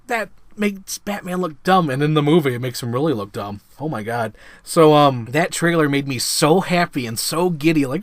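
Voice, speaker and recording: A man hosting his own vlog, reviewing a film in a casual, excitable monologue, swearing freely and acting out scenes. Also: a little high, moderate pace, no echo. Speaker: movie reviewer, host.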